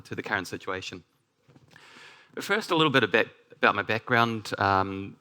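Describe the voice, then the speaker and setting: A man with a New Zealand accent giving a conference presentation, talking in a relaxed way with many ums and restarts. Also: on the low side. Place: conference stage.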